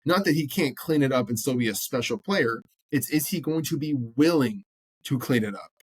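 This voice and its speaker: A man's voice: medium pitch, animated, normal speed, slightly rough, no echo. A man co-hosting a sports podcast, talking bluntly and animatedly and swearing freely as he acts out quotes. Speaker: podcast co-host. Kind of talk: casual sports chat.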